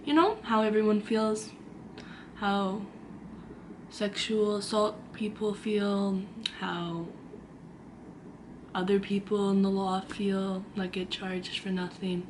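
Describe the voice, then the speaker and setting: A woman in her twenties tells a story to the camera in a chatty, animated way, acting out the quotes and saying "like" often. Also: medium pitch, slow, noisy background. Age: 20s. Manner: animated, acts out quotes, lots of "like". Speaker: vlogger.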